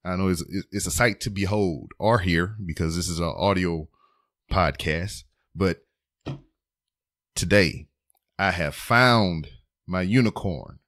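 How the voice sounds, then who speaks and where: A man's voice: lowish voice, a bit bright, dry recording, studio quality. A man hosting his own podcast from home, rambling in a playful, casual way with joking asides. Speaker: podcast host. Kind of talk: casual solo podcast monologue.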